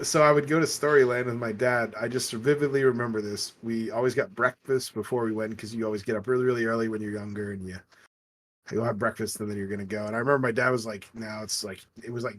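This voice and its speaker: A man's voice: medium pitch, steady tone, fairly quick, a bit bright, slight background noise. A man co-hosting a podcast, telling funny stories and acting out the voices of people in them. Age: adult with a wife. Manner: joking storyteller, acts out voices in anecdotes. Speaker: podcast co-host. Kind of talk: casual chat.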